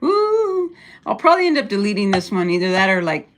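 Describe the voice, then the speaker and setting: A woman's voice: mid-range voice, big pitch swings, very fast, a bit bright, a little hiss or hum. An older woman hosting a casual livestream from her room at home, blunt and profane as she rants. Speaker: livestream host.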